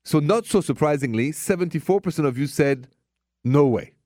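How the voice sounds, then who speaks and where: A man's voice: a little high, expressive, fairly quick, a little mellow, no room sound, studio quality. A man with a thick French accent hosting a late-night call-in radio show about love, talking in a playful, romantic way. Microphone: studio microphone.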